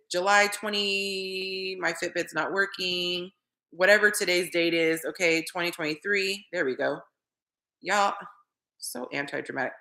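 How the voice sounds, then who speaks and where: A woman dating coach chatting casually on a livestream, animated and talking straight to her viewers. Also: lowish voice.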